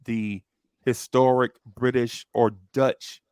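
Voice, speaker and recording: A man's voice: medium pitch, little pitch movement, takes it slowly, a little mellow, clean tone, dry recording, studio quality. A young man co-hosting a casual podcast chat, rambling and repeating words as he thinks. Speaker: podcast co-host.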